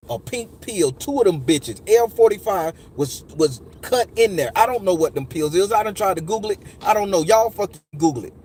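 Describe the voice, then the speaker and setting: A man's voice: sits high, a little hiss or hum. A man telling a personal memory in casual, profane speech, acting out the quotes with strong emotion. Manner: emotional, profane, animated retelling with acted quotes. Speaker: storyteller recounting a personal memory. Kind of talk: casual spoken testimony.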